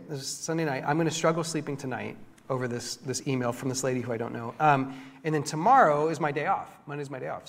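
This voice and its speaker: A male pastor preaches with animated, self-mocking humor and acts out what people said. His voice sits a little high for a man. A long reverb trails each phrase through the church. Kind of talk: sermon with storytelling.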